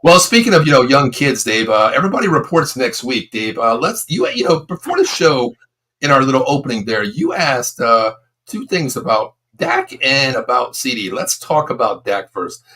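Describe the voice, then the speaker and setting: A man's voice: mid-range voice, big pitch swings, normal speed, bright, forceful tone. A man in his fifties, a former football coach, co-hosting a casual sports talk show and telling long, emphatic stories. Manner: emphatic, rambling storyteller.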